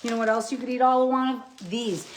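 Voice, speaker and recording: A woman coaching on plant-based eating during a grocery haul vlog, energetic and punchy, with repeated catchphrases and "okay?" at the end of lines. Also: fairly high pitch, quick pace, a little hiss or hum. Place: home with groceries.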